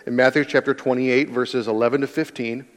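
A man's voice: medium pitch, steady tone, a little fast. Man preaching in a big reverberant hall. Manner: conversational, emphatic, reads then explains. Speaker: pastor. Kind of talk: sermon with scripture reading. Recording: long reverb of a large hall.

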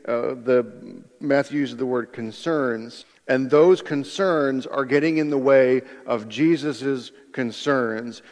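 Conversational male preacher, long hall reverb. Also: mid-range voice. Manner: conversational, explains word by word, asks listeners rhetorical questions. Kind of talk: sermon.

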